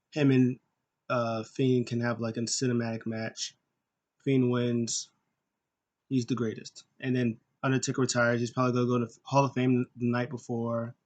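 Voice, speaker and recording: A man talks through a wrestling episode in a loose, unscripted recap. He is enthusiastic and rambling, full of fillers, and he keeps slipping into quick impressions of what people said. His voice sits at an ordinary middle pitch. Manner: enthusiastic, rambling, many fillers, acts out quotes. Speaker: wrestling show recap host. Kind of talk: casual solo recap commentary.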